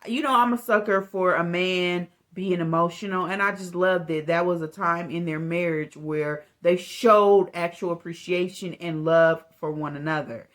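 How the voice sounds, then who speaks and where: A woman's voice: lowish voice, steady tone, normal speed, hardly any pauses. A woman giving a casual, chatty recap of a reality TV episode, speaking candidly and calling herself sensitive.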